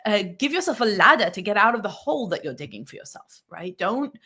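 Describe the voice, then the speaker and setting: A woman relationship coach talks earnestly to her audience, her voice sitting at an ordinary middle pitch. She is coaxing and encouraging, and often breaks off to act out the gentle words a partner might say. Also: very animated, brisk, husky. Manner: earnest, coaxing, acts out sample dialogue, tag questions like "right?". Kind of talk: coaching monologue breaking down a film scene.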